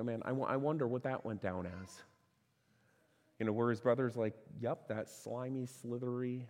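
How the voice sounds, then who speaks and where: A man preaching a sermon as pastor, conversational and animated, asking rhetorical questions and restarting phrases. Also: on the high side, big-room sound. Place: church sanctuary.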